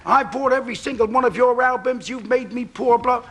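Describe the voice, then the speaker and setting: A man's voice: very high voice, fairly quick, a bit bright. A man, telling a comic anecdote as a talk show guest and acting out both sides of the dialogue. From Brooklyn, New York. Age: 60s. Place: TV studio.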